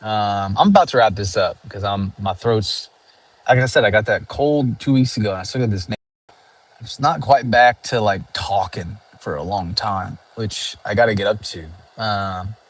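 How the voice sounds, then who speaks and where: A man's voice: lowish voice, moderate pace. A sleep-deprived comedian chatting casually as he drives, rambling with lots of fillers and restarts. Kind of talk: casual chat while driving. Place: in a car.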